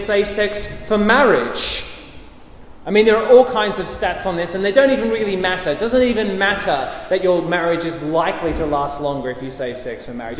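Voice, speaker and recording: A man's voice: high voice, a little hiss or hum. A man preaching a sermon, emphatic and repetitive, with light chuckles. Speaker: pastor. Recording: echoey hall with faint ambience.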